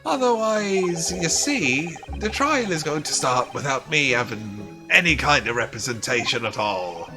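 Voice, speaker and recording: Bombastic wealthy gent, wild put-on accent, big swooping pitch; a man plays him; game music under. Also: huge pitch swings, measured pace, few pauses. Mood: blustering. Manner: theatrical, blustering, swooping pitch. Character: boastful rich middle-aged man, odd put-on accent.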